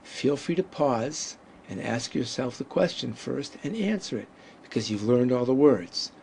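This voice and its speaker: A man gives a language lesson at a very unhurried pace, stretching out each word and leaving space for listeners to answer. His pitch sits in a middle range, and a faint hum of room noise lies under his voice. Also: animated, creaky, darkish tone. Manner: deliberate, drawn-out pronunciation with pauses. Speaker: Hebrew teacher. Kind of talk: slow, patient language lesson.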